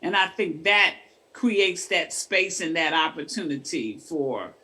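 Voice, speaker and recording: A man's voice: fairly high pitch, lively intonation, slow, sharp tone. A man who is a minister, talking in an encouraging, preacherly way and often checking in with "right?". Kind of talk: faith-based casual chat.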